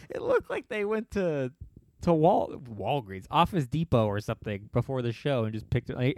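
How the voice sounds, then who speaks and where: A man's voice: mid-range voice, huge pitch swings, measured pace, long pauses, a little mellow, no echo. A man telling a rambling, profane comedic story on a podcast and laughing often. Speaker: podcast host.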